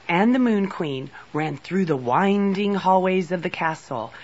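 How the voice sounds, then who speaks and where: A woman reading a Christmas storybook aloud in a soft, slow, gentle narration, heard on a dull lo-fi recording. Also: fairly low pitch, expressive. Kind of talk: children's storybook read-aloud.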